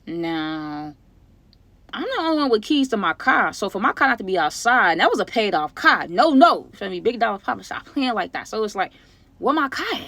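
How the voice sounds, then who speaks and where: Fast-talking woman telling a story. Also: medium pitch, creaky, no echo. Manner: animated, chatty, lots of fillers. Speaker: vlogger. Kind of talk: storytime vlog.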